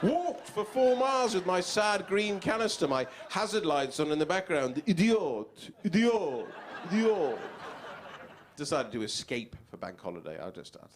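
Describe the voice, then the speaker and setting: A male stand-up comedian, animated and wry, acting out voices in his routine. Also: sits high, normal speed, few pauses, noisy background.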